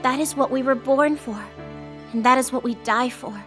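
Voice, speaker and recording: A high, bright voice belongs to a proud teenage girl mage in an anime dub. She lectures and flares up fast. Soft music plays behind her. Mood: lecturing.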